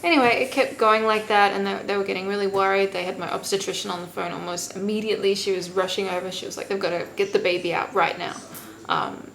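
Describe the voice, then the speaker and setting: A young woman talks straight to camera in a loose, candid way, dropping swear words and acting out the voices of people around her. Her voice sits at an ordinary middle pitch. A faint hum of noise runs underneath. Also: fairly bright tone, rough recording. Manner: candid, swears freely, acts out quotes. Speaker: vlogger. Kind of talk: casual storytelling to camera.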